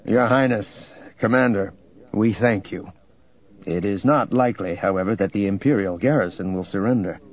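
A man's voice: lowish voice, normal speed, dull audio, lightly acted. A man voicing a formal, courteous prime minister in an audiobook reading.

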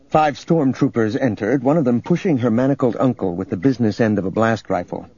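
A man narrating an audiobook in a steady, measured reading. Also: medium pitch, slightly rough, muffled recording. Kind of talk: scripted narration.

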